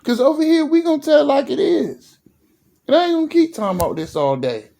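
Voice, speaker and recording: A man from Virginia ranting in a sports vlog, fired up and repeating himself, sometimes dropping low and emotional. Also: sing-song, brisk, creaky, dark tone. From Virginia, USA. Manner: fired-up and repetitive, stumbles over restarts; drops low and emotional at times. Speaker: sports commentary vlogger.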